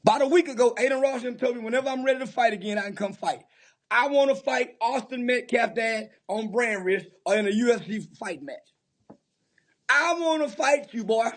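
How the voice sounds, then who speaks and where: A man's voice: extremely high pitch, fairly quick. A man giving an angry, profane rant of commentary, taunting and insulting his target.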